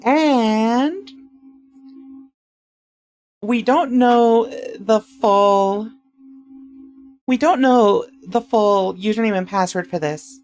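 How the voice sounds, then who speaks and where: A woman's voice: a little high, very slow, long pauses, a little mellow. Chatty woman streamer talking to her viewers. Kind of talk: casual live-stream chat.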